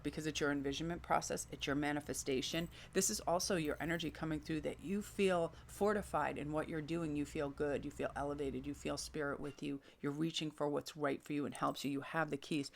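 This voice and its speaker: Gravelly, enthusiastic woman tarot reader. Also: low voice. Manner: enthusiastic, chatty, encouraging. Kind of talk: casual tarot reading to viewers.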